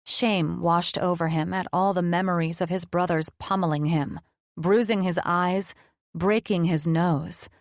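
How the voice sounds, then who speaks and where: A woman narrates an audiobook in an even, measured way. Her voice sits on the low side, and the studio recording is dry and close. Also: no room sound.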